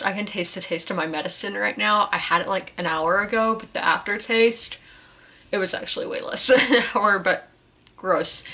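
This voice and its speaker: Chatty woman book vlogger, bright tone, rambling and casual. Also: medium pitch. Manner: chatty, rambling, self-correcting. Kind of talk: casual chat.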